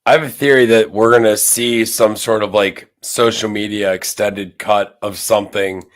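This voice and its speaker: Male panelist, lowish voice, measured and plain. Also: fairly even intonation. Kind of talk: casual chat.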